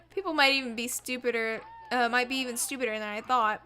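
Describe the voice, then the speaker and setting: A woman's voice: on the high side, fairly even intonation, a little fast, pushed and bright. A woman streamer reading game narration aloud and making self-mocking, giggly asides. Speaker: let's play streamer.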